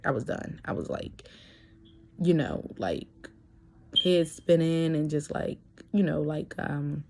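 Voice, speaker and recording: Low, gravelly-voiced woman vlogger. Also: dark tone, slight background noise. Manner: hesitant, many fillers and restarts; candid and earnest. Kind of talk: personal vlog talk.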